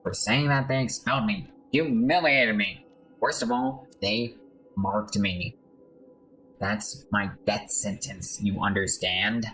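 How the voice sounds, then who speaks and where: A man's voice: on the low side, takes it slowly, sharp tone, soft background music, rough recording. A man doing a hunted, pleading outcast. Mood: desperate. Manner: frantic, pleading.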